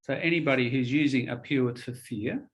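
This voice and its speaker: A man teaching English in a relaxed one-on-one lesson, explaining ideas patiently and spelling words out. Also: mid-range voice, normal speed, rough recording.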